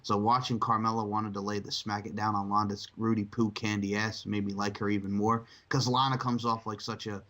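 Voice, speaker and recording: A man co-hosting a wrestling podcast in casual chat, animated and profane, often breaking into shrill mocking voices. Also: a little fast, few pauses. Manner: animated, swearing, jumps into shrill mocking impressions. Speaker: podcast co-host.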